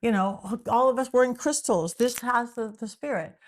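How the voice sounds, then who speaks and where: A middle-aged woman from Southern California, a psychic medium guest on a podcast, explaining in an animated casual way with frequent restarts. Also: a little high, normal speed.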